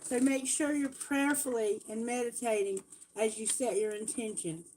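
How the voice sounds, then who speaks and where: A woman's voice: on the high side, fairly even intonation, moderate pace, a little mellow, a little hiss or hum, rough recording. A woman giving a live tarot reading, chatting casually and correcting herself as she goes. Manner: chatty, self-correcting, reads lyrics and prayers aloud. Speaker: tarot reader. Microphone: phone.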